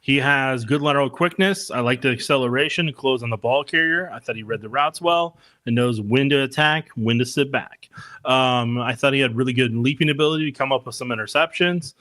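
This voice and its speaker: A man's voice: medium pitch, brisk, sharp tone, no room sound. Laughing, chatty man, dry close sound. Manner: chatty, laughs often, loose asides. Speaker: podcast co-host. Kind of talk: casual sports chat.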